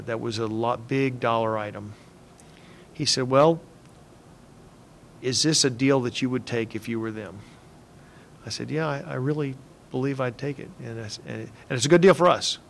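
An older man with a gravelly voice, telling stories from his engineering career in a relaxed interview. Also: mid-range voice, a little hiss or hum. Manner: relaxed anecdotal telling with soft laughs. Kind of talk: reflective storytelling interview.

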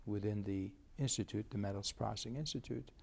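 A man's voice: on the low side, fairly quick, vocal fry, a little mellow. An older man in an interview, explaining his research center in a reflective way, often restarting his sentences. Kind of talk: interview conversation.

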